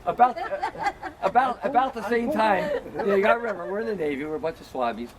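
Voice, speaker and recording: A man's voice: sits high, lively intonation, fast, over a noisy crowd. A middle-aged man telling a long, self-mocking story among friends, full of "um" and "you know.". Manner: rambling, filler-heavy, self-mocking. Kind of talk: casual anecdote.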